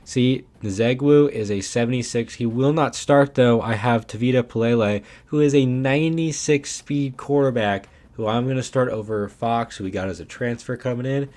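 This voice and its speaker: A young man giving casual, animated commentary over his own video game footage, ranting and saying "man" often. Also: medium pitch, normal speed, hardly any pauses. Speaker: gaming YouTuber.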